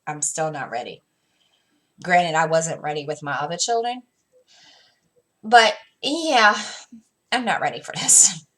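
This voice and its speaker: A woman's voice: low voice, lively intonation, unhurried, pauses often, fairly bright tone. A woman in her thirties, a mother casually telling a story at home, rambling with fillers and restarts and acting out what she and her son said. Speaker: crafting vlogger.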